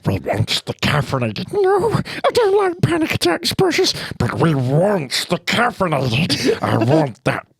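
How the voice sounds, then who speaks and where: A man voicing a hissing, split-minded male cave creature, arguing with himself in a gravelly, breathy voice. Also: high-pitched, wildly swooping pitch, measured pace, long pauses, dry recording, pitched above the performer's own voice, exaggerated voice. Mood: bickering. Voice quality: gravelly, breathy, swinging between two selves. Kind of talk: comic impression.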